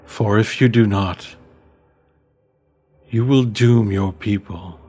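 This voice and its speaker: A man voicing an ancient elder tree spirit, speaking slowly and solemnly in prophecy. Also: lowish voice, a little mellow, husky. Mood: ominous.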